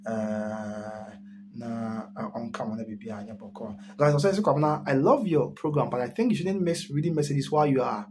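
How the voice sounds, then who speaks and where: Over a noisy background, a host with a Ghanaian accent speaks at normal speed in a mid-range voice. Chatting casually on a live stream, the host reads viewer comments, laughs often, and mixes Twi and English.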